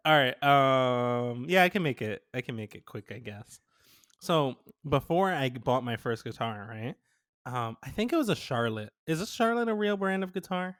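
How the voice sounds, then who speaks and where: At a moderate pace and in a mid-range voice, a young man co-hosting a podcast chats casually, telling a story full of laughter and other people's quoted words. The clean studio sound carries no echo.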